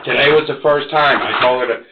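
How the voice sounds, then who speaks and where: A man's voice: brisk, vocal fry, noisy background. Agitated, ranting man in his forties. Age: 40s. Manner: agitated profane ranting, swinging between loud outbursts and low mutters. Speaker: interrogation suspect. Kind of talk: police interrogation. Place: police interrogation room. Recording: echoey, muffled interrogation room recording.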